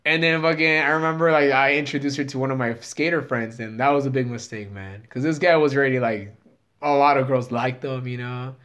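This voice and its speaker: A man's voice: mid-range voice, steady tone, fairly quick, a bit bright, smooth. A man in his thirties, a comedian guest telling a story in casual chat, profane and rambling with many fillers.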